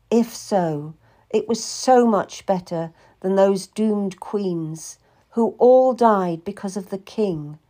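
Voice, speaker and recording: A woman reading a first-person historical story aloud with measured, expressive storytelling. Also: mid-range voice. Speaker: audiobook narrator. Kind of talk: scripted first-person narration.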